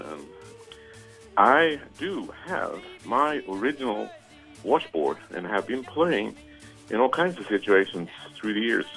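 A man's voice: lowish voice, a bit bright. A man from Sweden, leaving a fond, reminiscing voicemail for a radio show as a caller. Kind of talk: listener voicemail.

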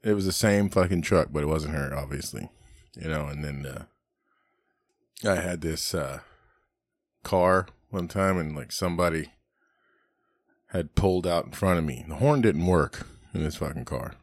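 A middle-aged podcast host with a low voice chats casually, telling rambling stories packed with swearing and laughter. He speaks at a moderate pace with frequent pauses, and the recording is dry and studio quality.

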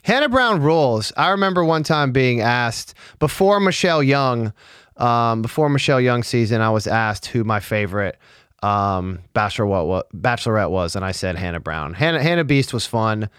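A man's voice: medium pitch, animated, a bit bright, clean tone, dry recording, studio quality. A man hosting a casual podcast, talking bluntly with swearing and jokes. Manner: blunt, profane, quick to joke. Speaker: podcast host. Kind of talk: casual chat.

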